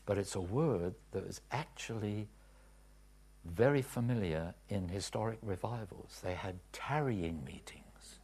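Gravelly man preaching with dramatic swings. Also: lowish voice, unhurried. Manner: dramatic swings from whispers to shouts. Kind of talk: sermon testimony.

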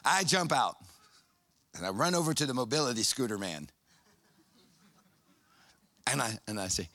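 A man preaching a sermon, telling a story with excited high bursts and hushed, solemn passages. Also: a little fast, pauses often, no echo.

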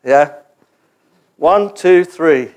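A man preaching a sermon in a church gathering, animated and joking as he leads the congregation in call-and-response. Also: a little high, extremely slow.

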